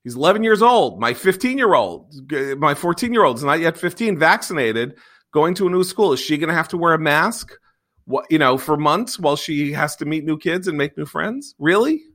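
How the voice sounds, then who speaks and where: A man's voice: on the high side, animated, a little fast, a bit bright. A middle-aged man hosting a podcast, talking bluntly and heatedly in a ranting, casual debate. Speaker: podcast host.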